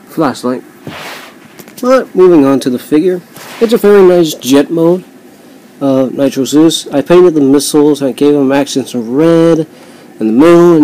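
A man's voice: medium pitch, a little mellow, low-quality recording. Rambling man reviewing a toy. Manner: rambling, many fillers and self-corrections. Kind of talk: casual hands-on toy review.

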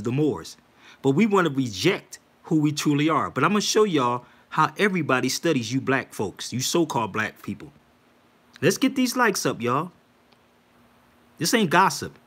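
A man's voice: on the high side, husky. A man talking casually and insistently to viewers on a livestream, preaching and calling out to them directly. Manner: animated, preachy, addresses viewers as y'all. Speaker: livestream host.

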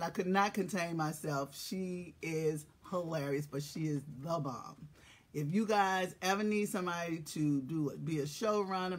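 A host of a casual live-stream show, joking and swearing, who swings from quiet asides to loud shouted greetings. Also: medium pitch. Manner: profane, joking banter.

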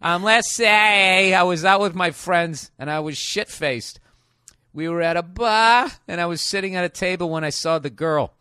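A middle-aged man, hosting a comic advice podcast, reading out letters and riffing on them loudly and profanely. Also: a little high, normal speed, clean tone, dry recording, clean studio sound. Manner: loud, profane, riffing and mocking. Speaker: podcast host.

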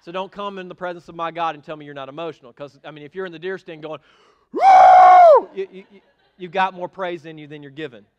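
A middle-aged man preaching a sermon as pastor in a church, animated and emphatic, with sudden loud bursts. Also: a little high, rapid-fire, hardly any pauses, lo-fi sound, slight background noise. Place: church sanctuary.

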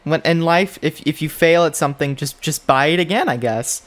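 A man's voice: fairly high pitch, moderate pace, hardly any pauses, fairly bright tone. A young man giving exasperated commentary while opening mobile game packs, ranting and jumping up in disbelief.

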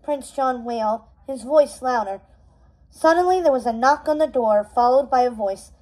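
High, mellow woman reading aloud. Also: normal speed, poor audio. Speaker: storybook reader.

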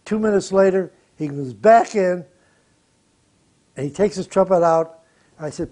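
An older man with a high-set voice recounts his producing days in an interview. He tells it bluntly, drops profanities freely and chuckles between his stories. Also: measured pace, mellow. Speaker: record producer. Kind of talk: interview storytelling.

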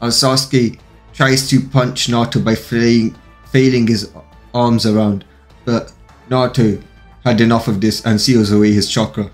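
Guy reading a fanfic story out loud, plain run-on delivery, mid pitch, faint music behind. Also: flat delivery, a little slow. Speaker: story narrator. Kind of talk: fan-fiction story narration.

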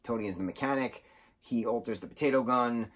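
A man giving a casual, excitable spoken recap of a film, rambling and sometimes losing his train of thought. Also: medium pitch, a little fast. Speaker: movie reviewer.

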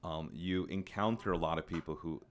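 A man hosting a podcast interview, asking a halting question with restarts. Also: deep voice, steady tone. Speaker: podcast host.

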